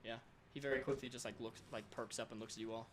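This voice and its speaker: A man narrating a tabletop game as game master, quickly and vividly setting the scene. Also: mid-range voice, fairly even intonation, a bit bright. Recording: echoey room with background noise.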